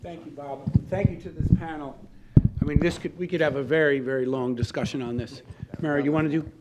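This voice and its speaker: A man moderates a roundtable and keeps it moving briskly. His voice is notably high for a man. He thanks each speaker and calls up the next panel in short, efficient lines. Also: fairly even intonation, very noisy. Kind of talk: chairing a panel discussion.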